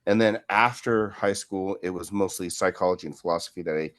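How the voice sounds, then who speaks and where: A man in his fifties with a lowish voice, talking through long stories as an interview guest. His speech rambles and keeps checking in with a quick "right?" as he goes. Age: 50s. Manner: rambling, with frequent "right?" tag questions. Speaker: martial arts instructor as interview guest. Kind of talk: casual storytelling in an interview.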